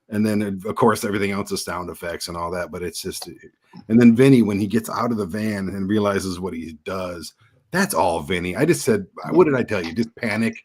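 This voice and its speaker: Guy with a lowish voice rambling thru a funny story, lots of ums. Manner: rambling anecdotes, lots of fillers and quoted voices. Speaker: filmmaker guest. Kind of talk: casual chat, storytelling.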